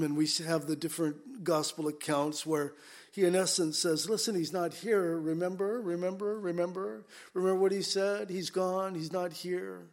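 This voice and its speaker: A man with a slightly higher voice delivers an expository sermon in a relaxed, conversational way. He keeps breaking into quick acted-out scenes, swinging between lifted, excited lines and low, quiet asides. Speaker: pastor.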